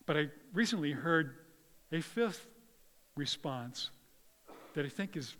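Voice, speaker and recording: A man's voice: on the high side, animated, slow. Earnest male preacher in a reverberant hall. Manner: earnest, varies between hushed and loud emphasis. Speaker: pastor. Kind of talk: sermon.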